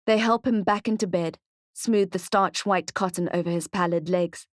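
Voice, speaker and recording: A woman narrating a thriller audiobook in a measured, steady way, recorded on a close microphone in a studio. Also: on the low side, dry recording. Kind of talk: scripted narration.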